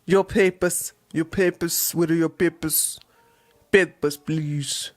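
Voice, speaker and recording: A woman's voice: low voice, fairly even intonation, takes it slowly, pitched below the performer's own voice. A woman putting on a mock German accent to play a stern officer demanding papers, with clipped, repetitive demands.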